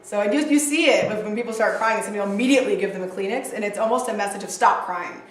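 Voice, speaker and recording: A woman teaching counseling skills to a group, chatty and animated with frequent fillers and asides. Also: medium pitch, rapid-fire, slight background noise. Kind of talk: casual training lecture. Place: training room with a group. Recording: echoey room, distant mic.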